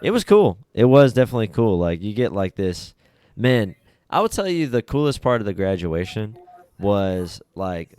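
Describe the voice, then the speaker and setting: A young man hosts a casual gaming podcast in a very low voice, recorded close and dry. He talks loosely and swears freely, jumping up high when he mimics other people. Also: sing-song, moderate pace, darkish tone, clean tone, dry recording. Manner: loose, profane, jokey, acts out quotes in high voices. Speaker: podcast host.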